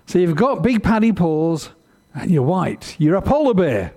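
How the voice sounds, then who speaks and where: A man's voice: high-pitched, big pitch swings, unhurried, warm tone, pitched above the performer's own voice, exaggerated voice. A man voicing a patient mother polar bear who coaxes and reassures her cub. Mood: coaxing.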